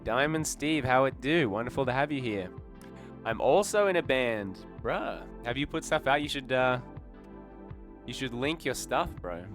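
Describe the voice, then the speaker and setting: A man's voice: medium pitch, sing-song, moderate pace. Laid-back slangy streamer guy. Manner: laid-back, slangy, greets chat viewers. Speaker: live streamer. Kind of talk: casual live-stream chat. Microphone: desk mic. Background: faint background music.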